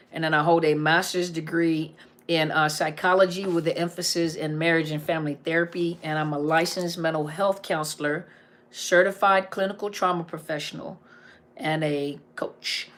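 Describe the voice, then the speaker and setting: A woman's voice: on the low side, fairly bright tone. A middle-aged woman counselor on a casual live stream, reading viewer comments aloud and answering them, often repeating key phrases for emphasis.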